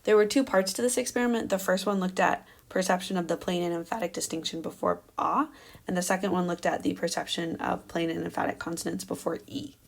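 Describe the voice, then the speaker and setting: Gravelly-voiced woman presenting research. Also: on the low side, steady tone, quick pace. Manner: careful, explanatory, with frequent fillers. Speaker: doctoral candidate presenting research. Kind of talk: academic presentation.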